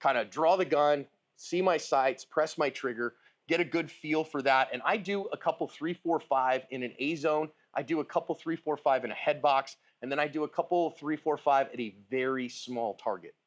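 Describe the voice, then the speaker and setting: A man's voice: on the high side, moderate pace. Chatty man coaching on a range. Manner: chatty, informal, asks "right?" and "okay?" often. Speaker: firearms instructor. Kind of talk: casual range instruction. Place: shooting range.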